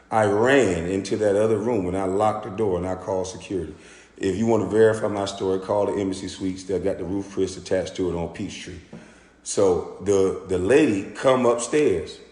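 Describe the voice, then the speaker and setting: A man's voice: lowish voice, normal speed. Indignant man ranting in an echoey room. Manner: animated, profane, indignant. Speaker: former pro basketball player. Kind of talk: ranting storytelling monologue. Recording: echoey room with long reverb.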